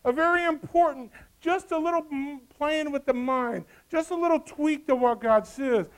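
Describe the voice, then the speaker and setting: A man preaching a sermon, lively and folksy, throwing joking asides to the congregation. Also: very high voice, normal speed.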